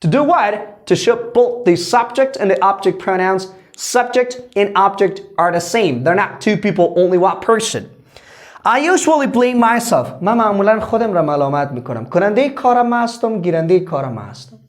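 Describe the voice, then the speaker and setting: A man teaching English grammar in a lesson, explaining slowly in English and rushing through the translations. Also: high voice, lively intonation.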